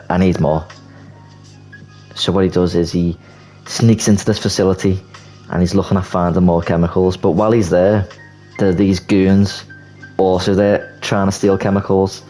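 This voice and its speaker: A young man with a low voice narrates a film idea in an animated, casual way. He stumbles and restarts as he gets excited. A soft music bed runs under him. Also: low-quality recording. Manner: animated storytelling, swearing, quick restarts. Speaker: YouTuber. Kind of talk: casual movie plot pitch.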